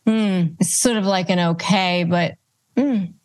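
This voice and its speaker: A woman hosting an advice podcast, walking through her points one by one and modeling calm phrases aloud in a steady, methodical way. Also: fairly low pitch, measured pace. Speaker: podcast host giving advice. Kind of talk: instructional monologue.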